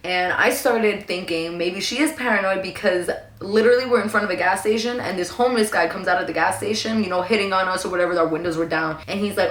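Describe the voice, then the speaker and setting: Animated slangy New woman, echoey room. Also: medium pitch, fast, few pauses. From New York. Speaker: storyteller. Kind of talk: casual storytime monologue. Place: at home indoors.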